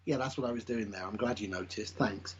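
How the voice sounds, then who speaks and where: A man's voice: fairly low pitch, fairly quick, a little hiss or hum. A man co-hosting a casual podcast chat, making dry, sarcastic asides. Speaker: podcast co-host. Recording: dull lo-fi mic.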